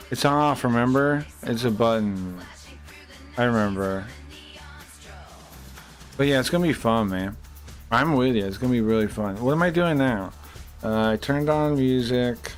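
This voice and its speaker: Male streamer, casual rambling chat to viewers, swears often, mid-pitched, faint music in the background.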